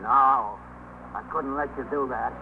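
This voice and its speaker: A man's voice: mid-range voice, unhurried, close to an everyday voice. An actor playing an unstable, paranoid man barricaded with a gun, ranting and threatening in 1950s radio drama style. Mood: uneasy. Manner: agitated, repetitive, swings between threats and self-pity. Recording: tinny old radio broadcast with faint hiss.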